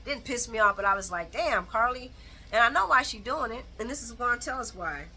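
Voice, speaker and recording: Bright-voiced woman recapping, blunt and animated. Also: on the high side, fast talker, slight background noise, poor audio. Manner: animated, blunt, colloquial, with mocking asides. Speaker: soap opera recap host. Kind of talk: casual chat recap.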